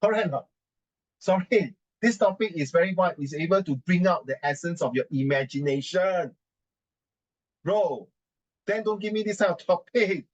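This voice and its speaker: A man with a Singaporean English accent rants with indignant emphasis, repeating his objections. His voice sits somewhat high for a man. The recording is dull and lo-fi. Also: lively intonation, moderate pace. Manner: indignant, emphatic, mixes in Mandarin and Singlish. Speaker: adult giving writing advice. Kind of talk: ranting conversation.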